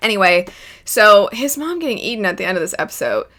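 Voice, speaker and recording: A young woman talks through her first impressions in a bright, clear voice. She is chatty and enthusiastic and laughs often as she goes. Her pitch sits in an ordinary middle range for a woman. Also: big pitch swings, fast talker. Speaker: anime reaction vlogger. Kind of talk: casual first-impressions commentary.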